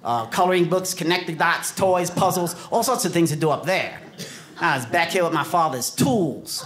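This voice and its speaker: A man's voice: fairly high pitch, moderate pace. A man from New York City performing a stand-up comedy set, telling childhood stories with lots of put-on voices. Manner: animated storytelling with put-on voices. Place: theater stage with laughing audience. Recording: roomy live venue with audience noise. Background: audience laughter.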